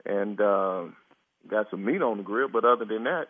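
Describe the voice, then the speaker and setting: A man's voice: lowish voice, normal speed, dry recording. A man taking a prank phone call, exasperated and often breaking into laughter. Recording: tinny phone line.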